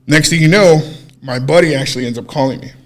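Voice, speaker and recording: A man co-hosting a podcast, casually telling a story in an animated way, swearing freely and acting out what people said. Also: fairly high pitch, fast. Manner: animated, swears freely, acts out quoted dialogue. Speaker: podcast co-host.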